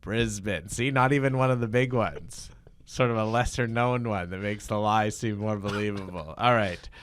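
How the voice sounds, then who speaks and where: A man's voice: fairly low pitch, normal speed. A man hosting a comedy podcast, joking and rambling, laughing often before an improv scene. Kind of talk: casual comedy chat.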